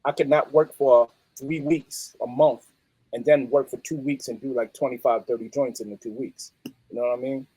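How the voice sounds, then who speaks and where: A middle-aged man, a musician guest telling stories in a streetwise, animated way. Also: medium pitch, normal speed, slightly rough, no room sound, poor audio. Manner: animated, streetwise, peppered with "you know what I mean". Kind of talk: casual interview storytelling.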